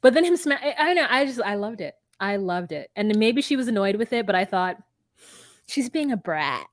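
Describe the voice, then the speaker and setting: A woman co-hosting a casual podcast chat, retelling reality-show scenes and acting out both people in quick voices. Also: mid-range voice, lively intonation, dry recording, studio quality.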